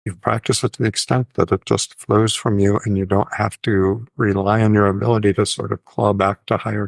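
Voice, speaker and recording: A man hosting an informal educational talk as a psychiatrist. He speaks thoughtfully and in a measured way, often correcting himself mid-phrase. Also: fairly low pitch, creaky, slightly rough, no echo. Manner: sometimes intones phrases in a sing-song rhythm. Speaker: psychiatrist host.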